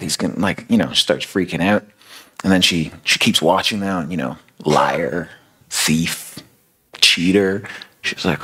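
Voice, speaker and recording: A man preaching a sermon in a loose, storytelling style, full of casual fillers. His voice sits extremely low with a gravelly fry, and it has a husky roughness throughout. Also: lively intonation, moderate pace, bright, forceful tone, low-quality recording. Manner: casual, filler-heavy retelling. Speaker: speaker.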